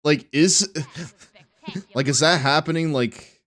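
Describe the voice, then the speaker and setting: A young man in his twenties chats casually and laughs while streaming a video game, rambling with plenty of filler words. His voice is on the high side and fairly bright, and he talks slowly.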